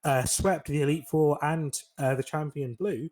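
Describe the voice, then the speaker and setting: A man with a somewhat higher voice co-hosts a podcast in loose, casual chat. He sounds excitable and keeps marvelling at the news. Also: normal speed. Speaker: podcast co-host.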